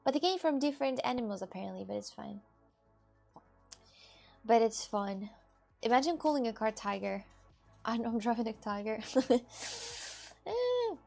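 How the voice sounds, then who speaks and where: A woman's voice: fairly high pitch, normal speed, gravelly, long pauses, darkish tone, soft background music. A woman livestreaming, chatting casually and answering viewer messages in a teasing way. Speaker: livestreamer reading chat. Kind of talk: casual live-stream chat.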